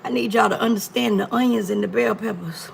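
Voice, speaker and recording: Hosting a relaxed cooking stream from her kitchen in Miami, a woman chats into her phone and playfully ribs her viewers, drawling in African American Vernacular. Her gravelly voice is medium in pitch and a little fast. There's a slight hiss or hum on the rough recording.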